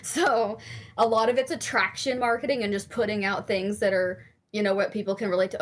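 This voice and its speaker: A woman's voice: mid-range voice, fairly even intonation, brisk, slight background noise. Picture a woman guest on a laid-back podcast interview, a therapist and life coach. She talks openly and candidly, swears now and then, and leans on plenty of fillers as she explains her ideas. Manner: frank and candid, casual swearing, many fillers.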